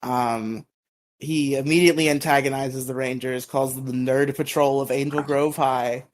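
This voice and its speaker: A man's voice: medium pitch, fairly even intonation, normal speed. A man co-hosting a podcast, recapping episodes in a rambling, casual way with lots of ums and bursts of playful mock outrage. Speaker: podcast co-host.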